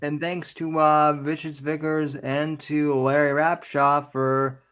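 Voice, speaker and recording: A man's voice: a little high, level tone, slow, fairly bright tone, clean tone. A man hosting a casual podcast chat, rambling with stammering restarts. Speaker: podcast host.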